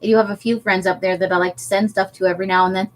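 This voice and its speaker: A woman's voice: mid-range voice, little pitch movement, racing. A woman chatting casually on a craft livestream, laughing often as she answers viewer comments. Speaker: livestream host.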